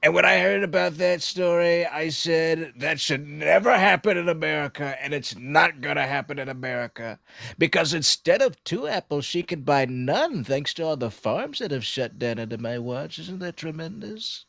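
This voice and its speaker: A man's voice: fairly high pitch, lively intonation, normal speed, creaky, fairly bright tone, no echo. A man doing an impression of a boastful older male politician, telling a rambling, childlike story with pompous boasts.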